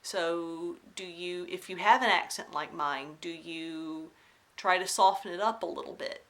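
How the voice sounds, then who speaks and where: Bright-voiced Southern woman chatting at home. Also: fairly low pitch, measured pace. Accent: Southern US, mixed Alabama and North Carolina. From Southern United States (Alabama, then North Carolina). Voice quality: slightly soft R sounds. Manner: chatty and rambling, with many ums and restarts; careful enunciation. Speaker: cross-stitch vlogger. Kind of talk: casual chat to camera. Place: at home indoors.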